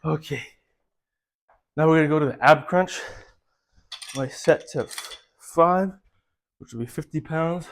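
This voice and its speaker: A man's voice: a little high, unhurried, gravelly, long pauses, a little hiss or hum. A man recording a workout vlog, out of breath, counting his reps aloud with strained grunts in between. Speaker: vlogger. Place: gym, indoors.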